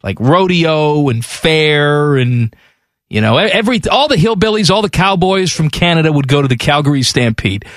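A man co-hosting a sports talk show in casual chat, answering with dry, deadpan quips. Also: fairly high pitch, moderate pace, dry recording. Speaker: radio co-host.

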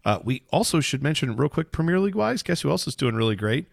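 A man's voice: a little high, sing-song, fast, vocal fry, no echo, studio quality. A man co-hosting a podcast, chatting about soccer in an easygoing, joking way. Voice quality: easygoing, joking, trails off and restarts. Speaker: podcast co-host. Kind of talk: casual sports chat.

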